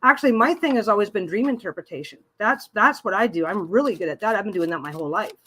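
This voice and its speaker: A woman's voice: medium pitch, animated, fast, pushed and bright, slight background noise. A middle-aged woman hosting a live stream as a tarot reader, chatting casually and rambling, often restarting her sentences and reading viewer comments aloud. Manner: reads viewer comments aloud and answers them.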